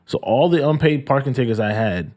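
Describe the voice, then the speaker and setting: A man co-hosting a podcast, telling a profane story in a casual, animated way and acting out the people in it. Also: medium pitch, a little fast. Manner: profane, animated, acts out quotes. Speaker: podcast co-host.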